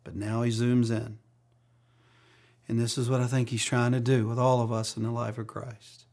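A man's voice: mid-range voice, little pitch movement, normal speed, a little mellow. A middle-aged man preaching a sermon as pastor, mixing humorous personal stories with acted-out quotes.

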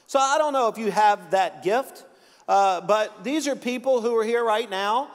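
A man's voice: high-pitched, normal speed, in a large hall. A male pastor preaching a sermon in a joking, conversational way, with frequent restarts.

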